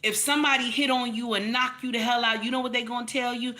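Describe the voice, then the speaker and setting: A woman's voice: a little high, flat delivery, fast, hardly any pauses. A woman giving blunt, profane opinion commentary to camera, preaching and repeating her points for emphasis, often calling listeners "baby". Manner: repeats points for emphasis, rising to loud outbursts. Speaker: commentary channel host.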